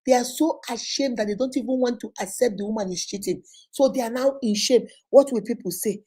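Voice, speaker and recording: A woman's voice: fairly high pitch, fairly quick, mellow, breathy edge. A middle-aged woman hosting a relationship advice talk, passionate and preachy, repeating lines for emphasis. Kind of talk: live advice talk to viewers.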